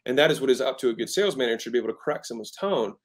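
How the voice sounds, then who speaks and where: A man's voice: medium pitch, lively intonation, very fast. A man as a guest in a casual interview, teaching sales, emphatic and always checking in with "right?". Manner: acts out tones of voice to make points. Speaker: guest entrepreneur.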